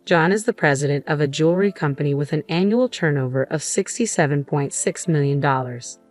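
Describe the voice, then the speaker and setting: A woman reading a story puts on an arrogant young woman who sneers and snaps. The voice sits low but is pushed up into a sharp, scornful tone. Faint music plays softly behind her. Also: fairly quick, natural voice. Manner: scornful, snapping.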